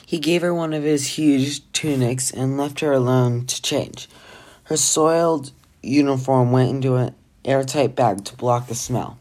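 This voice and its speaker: A homegrown audiobook narration, read at an even, unhurried clip. The reader keeps a plain, steady delivery and simply backs up to restart a phrase after a stumble. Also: medium pitch. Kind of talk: amateur novel read-aloud.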